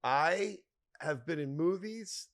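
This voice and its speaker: A man telling wild stories as a podcast guest, animated and profane, acting out other people's lines. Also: fairly high pitch, takes it slowly. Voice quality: animated, profane, acts out quoted voices. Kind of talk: casual storytelling.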